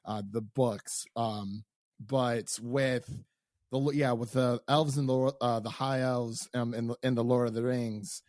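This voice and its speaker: A man's voice: mid-range voice, steady tone, slow, darkish tone, no room sound, studio quality. A man co-hosting a casual TV recap podcast, enthusiastic, acting out his own reactions as he talks. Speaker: podcast co-host.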